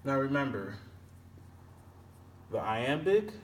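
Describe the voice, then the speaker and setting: A man teaching poetry meter, explaining slowly with pauses and self-corrections. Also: mid-range voice, sing-song. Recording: distant mic with faint background noise.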